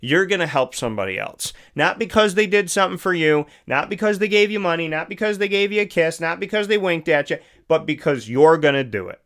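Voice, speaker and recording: A man's voice: fairly high pitch, animated, a little fast, hardly any pauses, a bit bright. A middle-aged man with a Central New York accent, hosting a radio show and giving an earnest, conversational motivational talk that leans on repeated phrases. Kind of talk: motivational monologue.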